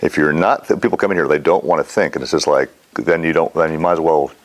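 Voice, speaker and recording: A middle-aged man with a very deep voice speaks fast while teaching a mindfulness class in a casual, rambling way. He's animated and often quizzes his students with questions.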